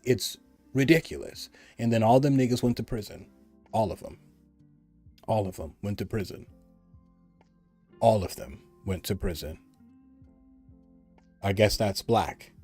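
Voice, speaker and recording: A man's voice: on the low side, unhurried, long pauses, warm tone, breathy edge, soft background music. A man from the United States giving an emphatic, repetitive opinion monologue, mimicking others in a raised voice. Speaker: commentator.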